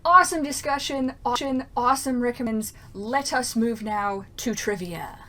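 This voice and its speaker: Playful woman podcaster with a higher voice. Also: moderate pace, bright, forceful tone, a little hiss or hum. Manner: playful, bantering. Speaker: podcast co-host and editor. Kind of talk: casual chat.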